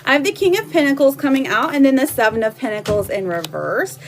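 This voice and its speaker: Doing tarot readings live from home amid background noise, this thirtysomething woman is chatty, warm toward her viewers, and quick to laugh. She talks fast in a high, expressive voice.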